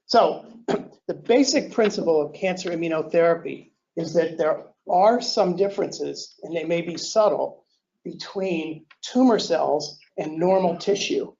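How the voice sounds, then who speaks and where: An older male lecturer with a somewhat high voice speaks at a podium mic in a lecture hall. He talks in a relaxed, self-deprecating way, clears his throat often and restarts sentences. The recording sounds dull and lo-fi. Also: unhurried. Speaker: invited lecturer. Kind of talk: academic lecture. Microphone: handheld or podium mic.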